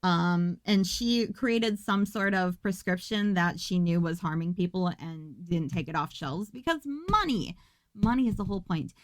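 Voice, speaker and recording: A woman's voice: fairly low pitch, lively intonation, unhurried, dry recording. A woman hosting a podcast, recapping a movie in a casual, rambling way with profane jokes and asides. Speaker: podcast host.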